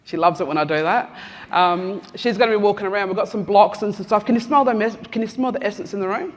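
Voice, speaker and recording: A woman in her fifties from Western Australia speaks quickly in a mid-range voice with an Australian accent. Giving an Acknowledgement of Country, she walks among the audience in a large conference room, joking casually, teasing people and calling them by name. She's chatty and says "um" a lot.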